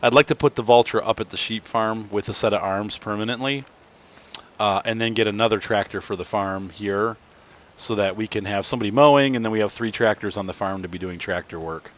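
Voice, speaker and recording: A man's voice: lowish voice, brisk, fairly bright tone. A tired man hosting a casual farming game playthrough, rambling and correcting himself as he talks. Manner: rambling, self-correcting, yawning. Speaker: gaming channel host.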